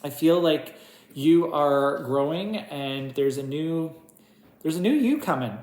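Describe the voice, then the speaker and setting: A woman's voice: deep voice, animated, takes it slowly, a little mellow. A woman doing a casual tarot reading, chatty and giggly, talking to her cards. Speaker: tarot reader. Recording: echoey room with faint noise.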